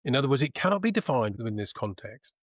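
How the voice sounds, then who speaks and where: A man as a podcast guest, talking in a thoughtful, measured way with pauses, restarts and a trained actor's diction. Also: medium pitch, big pitch swings, no echo, clean studio sound. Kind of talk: reflective conversation.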